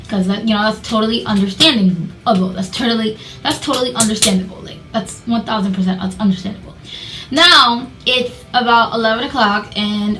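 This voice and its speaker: Young woman vlogger, sore-mouthed, profane and emphatic, bright tone, distant roomy mic. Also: mid-range voice. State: sore mouth after dental surgery. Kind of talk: storytime vlog.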